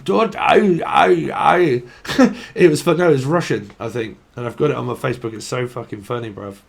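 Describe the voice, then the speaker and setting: A man's voice: medium pitch, lively intonation, fast talker, creaky, a little mellow. A man giving a casual channelled tarot reading, rambling and free-associating, laughing often and swearing casually. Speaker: tarot reader.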